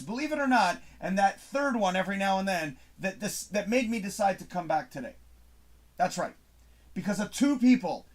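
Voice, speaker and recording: Guy with a highish voice venting at his viewers, swears a lot, big emphatic bursts. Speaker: host. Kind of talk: frustrated monologue to camera. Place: home studio.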